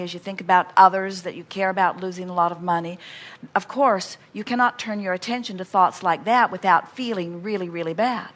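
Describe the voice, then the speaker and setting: A woman's voice: fairly low pitch, a bit bright. A woman at a live seminar who speaks for a collective "we" and answers audience questions with emphatic, rhetorical flourishes.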